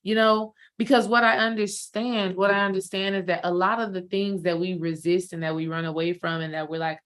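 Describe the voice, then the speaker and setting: A woman's voice: lowish voice, fairly even intonation, a little fast, few pauses. A woman healing coach giving a spiritual coaching talk, encouraging and affirming her course members. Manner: encouraging, affirming listener with soft "mm" and "yep".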